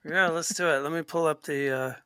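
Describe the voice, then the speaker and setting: A man co-hosting a sports podcast in easy banter, teasing his partner. His voice sits a little high and sounds bright and tense. The recording is dry. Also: fairly even intonation, brisk, smooth, dry recording. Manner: joking, teasing. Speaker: podcast co-host. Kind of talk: casual sports chat.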